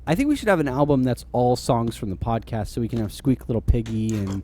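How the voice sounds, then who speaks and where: Rambling mellow-voiced podcast guy. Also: mid-range voice, sing-song, fast, a little hiss or hum. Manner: rambling, heavy use of "like", laughs often. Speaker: podcast co-host. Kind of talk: casual chat.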